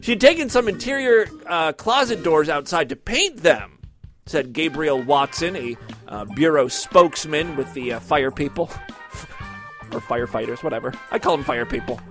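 Male comedy news host, high voice, lively swings, sarcastic asides. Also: normal speed, soft background music. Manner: sarcastic asides, exaggerated reading. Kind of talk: comedic news reading with commentary.

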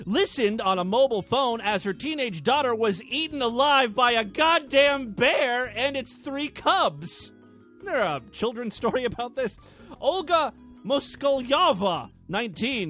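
Lively high-pitched male podcast host. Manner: irreverent, laughs often, mock voices for quotes. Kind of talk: crude comedic news commentary.

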